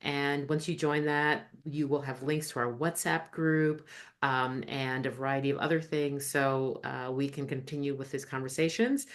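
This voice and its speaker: A woman with a notably low voice hosts an online session, relaxed and loose with her words. She speaks over a video call, pausing with fillers as she passes on questions and wraps things up. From Canada. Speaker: host. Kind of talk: casual webinar hosting.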